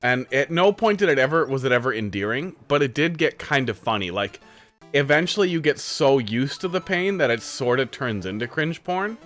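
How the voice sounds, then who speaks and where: A man's voice: mid-range voice, sing-song, normal speed, a bit bright, faint music behind. A man streaming live, playing viewer-made game levels and giving rambling, candid critique in a casual way.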